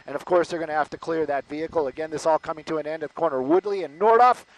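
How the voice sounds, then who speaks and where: A man from the Los Angeles area, a news anchor giving chatty live commentary on a police chase, exclaiming and filling pauses with "uh". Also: on the high side, muffled recording, slight background noise. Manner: chatty, exclaiming, lots of fillers.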